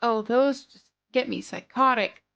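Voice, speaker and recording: A woman's voice: fairly high pitch, measured pace, creaky, fairly bright tone, muffled recording. A woman reading aloud as a young male bee, earnest and cheeky, in a plain script-reading manner. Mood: deadpan.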